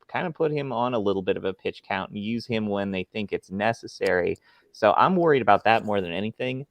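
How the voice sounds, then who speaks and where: A man's voice: fairly low pitch, dry recording. A man co-hosting a casual fantasy football podcast over a remote call, giving confident, opinionated takes. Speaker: podcast co-host.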